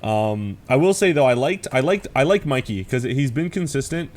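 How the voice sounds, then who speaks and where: A young man co-hosting a podcast who chats casually and gets excitable, restarting his sentences when worked up. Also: medium pitch, moderate pace. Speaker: podcast co-host. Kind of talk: casual chat.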